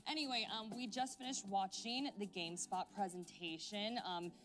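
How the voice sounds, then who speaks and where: A woman's voice: medium pitch, normal speed, fairly bright tone, soft background music. A woman hosting a games livestream, chatting with a panel in a bubbly, playful way. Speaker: show host. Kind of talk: casual panel chat on a livestream.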